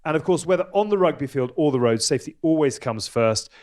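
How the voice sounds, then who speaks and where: A man hosting a live podcast show, brisk and upbeat as he presents. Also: a little high, expressive, darkish tone.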